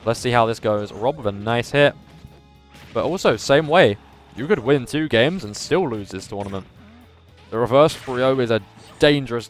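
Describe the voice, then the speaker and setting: A man commentating a live video game tournament and chatting with viewers in a lively commentator voice that he says is a little strained today. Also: mid-range voice. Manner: animated commentator voice, says his voice is going. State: slightly strained voice.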